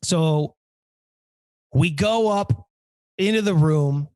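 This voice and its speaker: A man's voice: a little high, extremely slow, no echo. A man in his thirties hosting a podcast, telling a story in casual chat, swearing and acting out the people in it. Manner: animated, swears a lot, acts out quoted people. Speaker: podcast host.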